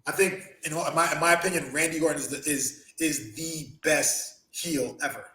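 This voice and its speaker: A man hosting a casual podcast chat, an animated storyteller who swears freely and laughs often. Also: on the high side, moderate pace, roomy sound. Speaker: podcast host, former wrestler.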